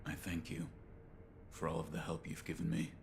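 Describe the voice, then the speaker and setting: Stoic shinobi warrior, very deep voice, terse, game audio, audible noise. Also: male voice, normal speed, creaky. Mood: solemn. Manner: terse, flat and quiet.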